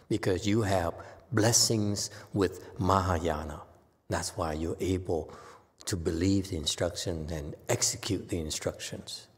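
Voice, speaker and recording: A man's voice: low voice, long reverb tail. A man leading an online Buddhist teaching and question session, chatty and reassuring with many fillers. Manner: soothing, repetitive, chatty with fillers. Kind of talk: Dharma talk with Q&A.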